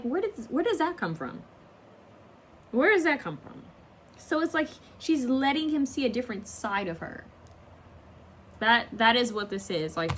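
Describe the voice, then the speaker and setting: A woman's voice: a little high, a little hiss or hum. A woman giving a casual pick-a-card tarot reading, chatty and rambling with slangy asides.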